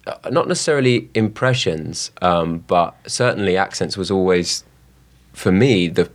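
A young man with a London accent talks in a casual interview. His voice sits very low, and he hesitates often, with fillers and restarts as he gathers his thoughts. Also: animated, moderate pace. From southwest London, England. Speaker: actor, guest.

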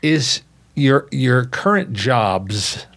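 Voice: medium pitch, big pitch swings, extremely slow, fairly bright tone. A talk show host asking questions in a dry, wry way. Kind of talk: interviewing.

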